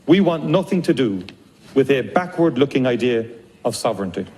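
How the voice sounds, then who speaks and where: A man's voice: mid-range voice, lively intonation, normal speed, warm tone, a little hiss or hum. An Irish man giving a formal political speech, declamatory and emphatic, in a played archive clip.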